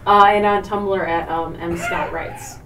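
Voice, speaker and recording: A woman's voice: fairly low pitch, fairly even intonation, measured pace, reverberant, far from the mic, very noisy. A woman guest in a casual podcast chat, teasing and laughing.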